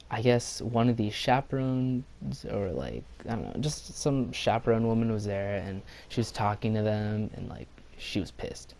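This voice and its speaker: A man's voice: mid-range voice, darkish tone. A young man recounting a trip in a loose storytime vlog. He rambles, stacks up fillers, and acts out what everyone said. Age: young adult. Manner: rambling, full of "like" fillers and quoted dialogue. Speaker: vlogger.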